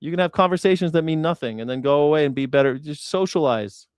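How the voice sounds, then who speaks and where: A man's voice: on the high side, quick pace, smooth, no room sound, clean studio sound. A man hosting a casual commentary show, telling stories in a blunt, profane way. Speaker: host.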